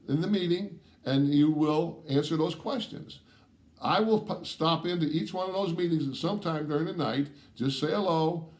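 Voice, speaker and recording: Guy teacher going over course requirements, kinda higher voice, keeps saying "all right?", leans hard on key words. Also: darkish tone. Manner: repetitive, checks in with "all right?"; emphatic, stresses key words. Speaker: course instructor.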